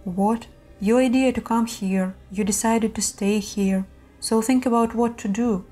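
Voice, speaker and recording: A woman's voice: mid-range voice, steady tone, normal speed, warm tone, lightly acted. A woman voicing a tired, irritable husband who speaks curtly, over faint music. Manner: curt and irritable.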